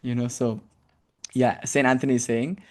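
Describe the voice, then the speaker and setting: A man teaching a casual spiritual lecture, animated and blunt, who swears now and then and acts out examples. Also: mid-range voice, normal speed.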